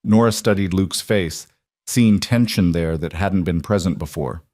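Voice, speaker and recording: Brief: male narrator, low, measured, dry close recording, frontier story. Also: darkish tone, no room sound. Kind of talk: scripted Western story narration.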